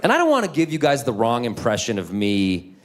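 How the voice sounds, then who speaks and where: A man in his forties doing a stand-up comedy set on stage, telling animated, self-deprecating stories. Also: mid-range voice, a little fast. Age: 40s.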